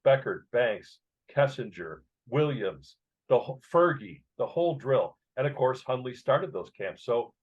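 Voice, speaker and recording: A man's voice: mid-range voice, animated, unhurried, slightly rough. A man in his sixties, raised in Chicago, telling a childhood story as an author in an interview, emotional and vivid. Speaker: author and guest. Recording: dull lo-fi sound.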